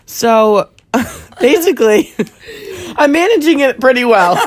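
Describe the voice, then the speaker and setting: A woman's voice: sits high, animated, very slow. A young woman co-hosting in casual chat, rambling and laughing often.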